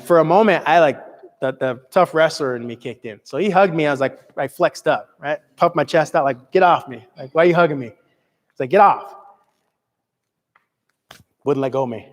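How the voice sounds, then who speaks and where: A young man, a motivational speaker, telling a personal story with earnest, dramatic swings between loud and soft. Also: mid-range voice, in a large hall. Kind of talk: storytelling talk to an audience.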